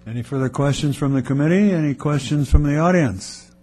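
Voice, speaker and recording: A man chairing a city committee meeting, briskly reading agenda items and calling votes. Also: on the high side, dark tone. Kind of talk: formal meeting procedure.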